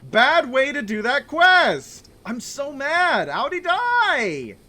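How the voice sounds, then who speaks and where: A man's voice: very high-pitched, huge pitch swings, slow pace, sharp tone. A young man giving let's play commentary, ranting in exasperation and repeating himself. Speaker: video game player.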